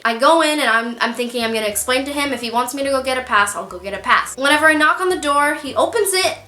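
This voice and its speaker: Bright, high-voiced young woman vlogger. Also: quick pace, roomy sound, a little hiss or hum. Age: young adult. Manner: animated, self-mocking, acts out quotes. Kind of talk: casual storytelling to camera.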